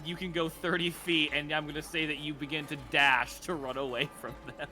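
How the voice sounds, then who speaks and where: Male game master, higher voice, bright tone, relaxed and joking, faint music behind. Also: a little fast. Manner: laid-back, joking, swears casually. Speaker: dungeon master. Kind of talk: narrating a tabletop game.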